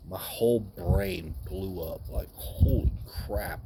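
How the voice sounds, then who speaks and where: A man telling a personal story in a candid, wry, unhurried way. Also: low-pitched, noisy background.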